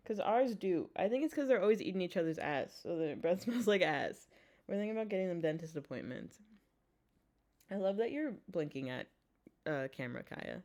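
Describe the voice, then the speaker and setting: A woman's voice: lowish voice, lively intonation, a little fast, darkish tone. A woman hosting her vlog from her desk at home, chatting in a rambling, casual way, swearing and laughing often. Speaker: vlog host.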